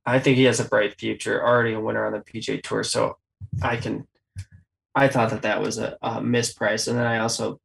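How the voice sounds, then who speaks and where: A man's voice: on the low side, flat delivery, fairly quick, gravelly, fairly bright tone, rough recording. A man hosting a casual golf betting chat, rattling off odds and stats. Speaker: golf betting podcast host.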